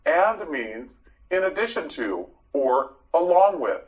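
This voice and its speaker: Slow, lively man drilling vocabulary. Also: a little high, highs cut off. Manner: clear, deliberate pronunciation with lively intonation. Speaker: English vocabulary teacher.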